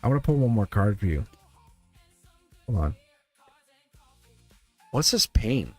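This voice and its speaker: Animated, playful male tarot reader. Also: fairly low pitch, slow pace, no echo, faint music behind. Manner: playful and animated, laughs often, repeats phrases. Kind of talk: live-streamed tarot reading.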